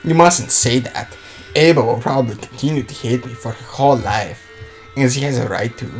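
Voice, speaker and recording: A man's voice: mid-range voice, moderate pace, soft background music, lightly acted. Man reading a regretful older brother. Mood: resigned. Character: stern middle-aged eldest brother, regretful. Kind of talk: reading a visual novel aloud.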